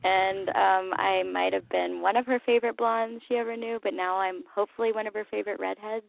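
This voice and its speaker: A woman with a squeaky voice calling in to a casual interview. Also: steady tone, a little fast, gravelly. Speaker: caller. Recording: tinny phone line.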